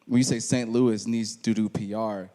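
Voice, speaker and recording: A man hosting an artist talk, speaking in a relaxed, conversational and playful way. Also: fairly low pitch, normal speed. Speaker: host interviewer. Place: hall at a museum. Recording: reverberant hall.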